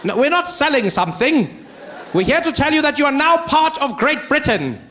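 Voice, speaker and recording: A man's voice: extremely high pitch, sing-song, moderate pace, pushed and bright, voice pushed up, heavily acted. A man voicing a pompous, posh British cavalry herald, speaking in a plummy upper-class way. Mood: flustered.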